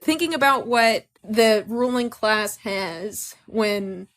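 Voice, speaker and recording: A woman co-hosting a podcast, commenting in an animated, sarcastic way during a political discussion. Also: fairly high pitch, slow pace. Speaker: podcast co-host.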